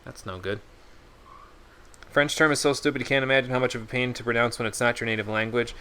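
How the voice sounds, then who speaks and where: A man's voice: mid-range voice, steady tone, fast, bright, forceful tone, clear, resonant tone. A man streaming a video game, reading menu text aloud and chatting casually with his viewers. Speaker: gaming streamer. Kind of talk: casual let's-play commentary.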